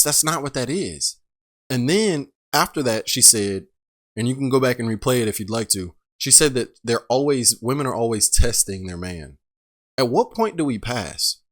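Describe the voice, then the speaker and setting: A man's voice: mid-range voice, fairly bright tone. A man hosting a reaction show, giving blunt commentary full of rhetorical questions. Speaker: reaction host. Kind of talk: casual commentary on a clip.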